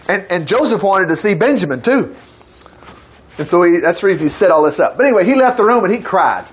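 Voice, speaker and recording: A preacher with a high voice tells a Bible story to his congregation. His pitch leaps around as he acts out the characters' lines. He repeats words now and then, then carries on. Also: lively intonation, fast talker. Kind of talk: sermon reading and explaining scripture.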